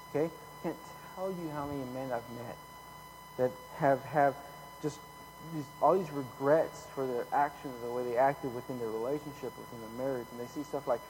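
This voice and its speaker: A man preaching a casual sermon, folksy and chatty, tagging lines with "okay?" and getting louder when he reads scripture. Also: fairly high pitch, normal speed, slight background noise, low-quality recording. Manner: folksy, repeats "okay?" often, rises loud when reading scripture. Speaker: pastor.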